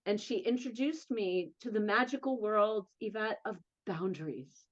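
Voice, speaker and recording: A woman's voice: medium pitch, expressive, highs cut off. A woman with a New Jersey accent, an interview guest and advocate, telling her own story candidly and emphatically. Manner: earnest, emphatic, quick bursts of speech.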